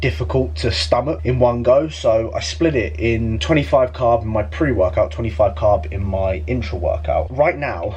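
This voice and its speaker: A man's voice: mid-range voice, normal speed, few pauses, a little mellow, husky. A man chatting casually and profanely, vlogging as a fitness coach from a parked car. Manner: profane, blokey banter. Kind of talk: casual vlog chat.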